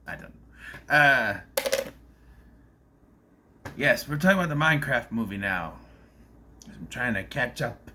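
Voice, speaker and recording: A young man talking casually to camera, reviewing a movie in a rambling, animated way with frequent restarts. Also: medium pitch, a little slow, pauses often, a little hiss or hum. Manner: rambling, animated, self-interrupting. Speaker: video reviewer.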